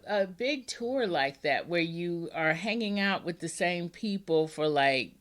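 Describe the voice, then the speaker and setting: A woman's voice: fairly low pitch, animated, takes it slowly, few pauses, a bit bright. A woman hosting a book podcast in a chatty, rambling way, laughing often as she talks. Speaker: podcast host. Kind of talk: casual interview chat.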